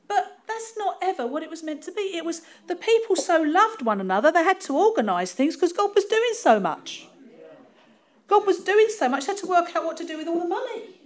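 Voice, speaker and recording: A female preacher with an East End Cockney accent talks fairly quickly through a casual sermon. High and swooping in pitch, her voice carries self-deprecating, laughter-filled stories, and she mocks herself between points.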